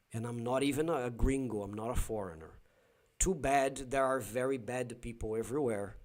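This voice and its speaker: Male livestream host, Brazilian Portuguese accent, mid pitch, animated anecdotal storyteller. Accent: Brazilian Portuguese, São Paulo. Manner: animated storyteller, acts out dialogue, frequent restarts.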